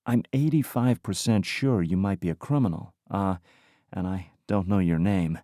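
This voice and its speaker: A man's voice: deep voice, moderate pace, dark tone, no room sound, studio quality, close to an everyday voice. A man voicing an injured young man who jokes his way through it, in an audiobook. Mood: wry.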